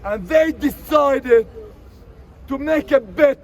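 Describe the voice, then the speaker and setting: Man with a high voice shouting at a street protest. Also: lively intonation, slow, poor audio. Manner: emotional, rising to shouting. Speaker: protest speaker. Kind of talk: impassioned street protest speech. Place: outdoor city street protest. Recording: outdoor crowd noise. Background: crowd of protesters.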